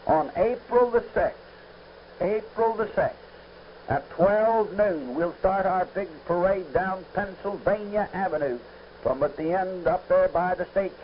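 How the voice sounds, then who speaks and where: A man's voice: high voice, highs cut off, a little hiss or hum. A man preaching a fervent radio sermon with a repetitive preaching cadence, on an old radio broadcast.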